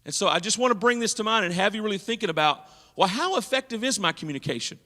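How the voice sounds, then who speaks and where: A man's voice: sits high, animated, fast, sharp tone, in a large hall. A man leading a leadership seminar at a church, teaching and asking his audience questions. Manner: engaging, asks the audience questions. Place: church hall.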